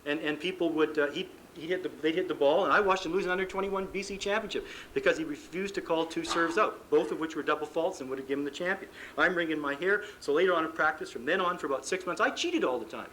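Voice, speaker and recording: A man with a Canadian accent giving a live sports seminar, telling lively stories, acting out what athletes say, and often restarting his sentences. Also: fairly high pitch, fast talker, a little hiss or hum, rough recording. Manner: frequent restarts and repeated words. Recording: archival 1989 live talk recording.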